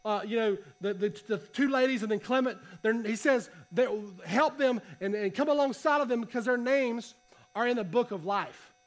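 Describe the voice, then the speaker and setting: A man preaching a casual sermon to a congregation, reading scripture and talking in a conversational, animated way. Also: very high voice, moderate pace. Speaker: pastor. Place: church hall.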